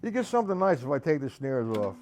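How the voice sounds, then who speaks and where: A man's voice: mid-range voice, very animated, quick pace, over loud music. A man teaching a live-streamed drum lesson, counting beats aloud and calling on his students by name. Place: drum studio indoors. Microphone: live stream microphone. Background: drum playing.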